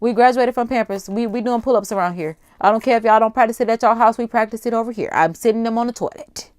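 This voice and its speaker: Chatty, animated young woman livestreaming. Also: fairly high pitch, fast, clear, resonant tone, no room sound, studio quality. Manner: animated, chatty, slangy, addresses viewers directly. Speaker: livestream host. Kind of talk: casual livestream chat.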